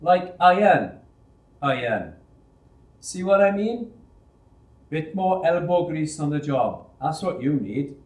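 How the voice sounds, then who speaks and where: A man's voice: on the high side, very animated, slow, long pauses, darkish tone, voice pushed up. A man reading aloud, voicing a mocking male foundry worker who taunts a new boy, recorded with roomy echo.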